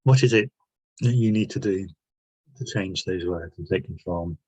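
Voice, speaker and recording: A man's voice: deep voice, normal speed, darkish tone, breathy edge, no room sound, low-quality recording. A man leading a self-help workshop, talking through guided reflection with many questions and restarts. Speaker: workshop leader.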